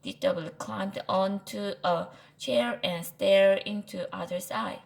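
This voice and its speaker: A woman with a Korean accent reads a children's chapter book aloud, careful and deliberate, with small slips along the way. Her pace is slow and her voice gravelly. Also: medium pitch, rough recording. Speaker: English reading teacher.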